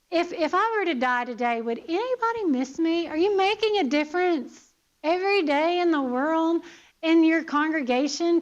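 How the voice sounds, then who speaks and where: Woman, high voice, Bible lesson, earnest questions, dull lo-fi sound. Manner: earnest, asks rhetorical questions, checks in with "okay?". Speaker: Bible class teacher. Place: church.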